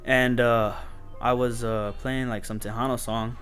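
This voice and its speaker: A man guesting on an interview, telling DJ stories in relaxed, slangy casual chat with frequent laughs. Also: mid-range voice, measured pace, faint music behind. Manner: laid-back storytelling, says "dude" and "bro" a lot, laughs often.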